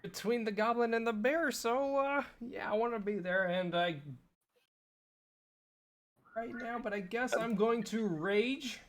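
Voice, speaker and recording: A man's voice: very high-pitched, a little slow, long pauses, a little hiss or hum. A man playing a tabletop game in casual chat, blunt and swearing freely. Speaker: player.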